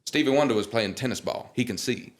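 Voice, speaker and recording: A man's voice: medium pitch, fast, a little hiss or hum, close to an everyday voice. A man imitating an older male star singer who tells grand, rambling stories. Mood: grand, folksy.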